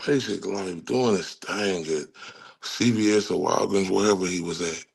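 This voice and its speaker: A man's voice: low-pitched, normal speed, gravelly, husky. A man with a Texan accent giving angry, profane true-crime commentary and talking straight to his viewers. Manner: angry, cursing, talks to viewers.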